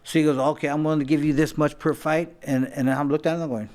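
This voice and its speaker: A former boxer tells stories in a casual talk-show chat, restarting often and acting out quotes. His voice is a little high with little pitch movement, fast, with a darkish tone.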